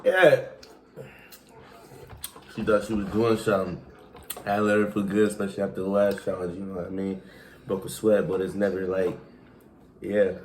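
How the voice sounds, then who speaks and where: A man's voice: low-pitched, fairly even intonation, moderate pace, long pauses, echoey room, slight background noise. A man vlogging a spicy noodle challenge at home, talking loosely, laughing and cursing as the heat builds. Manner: loud, laughing, swearing while eating hot noodles. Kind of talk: casual chat.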